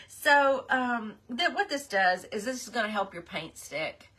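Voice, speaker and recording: A woman's voice: on the high side, lively intonation, a little slow, few pauses, bright, forceful tone. A middle-aged woman hosting a casual live craft stream, chatty and apologetic, greeting her viewers by name. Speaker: craft livestream host.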